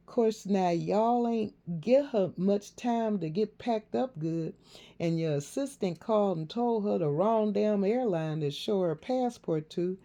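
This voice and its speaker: A woman's voice: medium pitch, mellow, pitched above the performer's own voice. A woman voicing an older mother who is out of breath and talks in a drawling, colloquial way.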